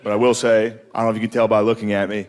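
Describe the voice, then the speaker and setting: A man's voice: fairly low pitch, little pitch movement, racing, darkish tone. Blunt, crude stand-up comedian man. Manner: blunt, crude, conversational, chuckling. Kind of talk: stand-up set.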